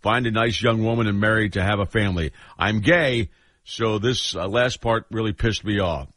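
A man's voice: fairly low pitch, normal speed, fairly bright tone, dry recording. A man hosting a radio talk show, reading a listener's message aloud in a laid-back way, chuckling often.

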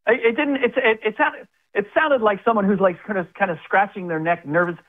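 A man talking as a guest on a sports radio show, with halting restarts and easy laughter. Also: high voice, phone-quality sound. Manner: stammering restarts, laughs easily. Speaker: guest analyst. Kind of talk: casual radio chat.

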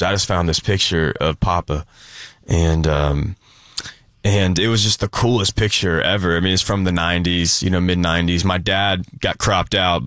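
Low-voiced young man, easygoing and rambling. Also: fairly bright tone, dry recording, clean studio sound. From Nashville. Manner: easygoing, rambling with many fillers. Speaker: country singer guest. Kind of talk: casual radio interview chat.

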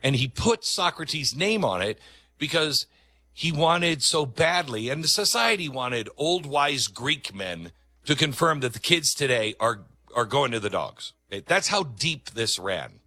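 A man hosting a commentary monologue, speaking emphatically and conversationally with dramatic pauses. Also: mid-range voice, big pitch swings, bright, forceful tone, no room sound. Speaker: talk show host.

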